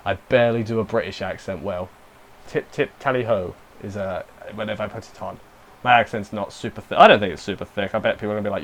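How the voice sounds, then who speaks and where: Rambling man recapping an anime episode. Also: medium pitch. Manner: rambling, self-deprecating asides, frequent fillers. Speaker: anime reviewer. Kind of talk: casual episode recap and review.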